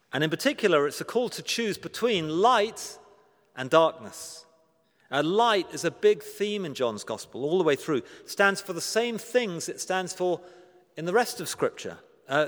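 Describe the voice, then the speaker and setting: A man preaching a sermon, earnest and emphatic, slowing down to stress key words and asking rhetorical questions with dry humor. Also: on the high side. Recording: long reverb of a large hall.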